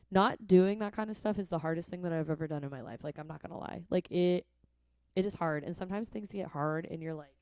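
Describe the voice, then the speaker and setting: A woman's voice: lowish voice, dark tone, no echo. A young woman vlogging in a casual, rambling way, chatty and earnest, often adding "like" and "right?". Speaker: vlogger and musician.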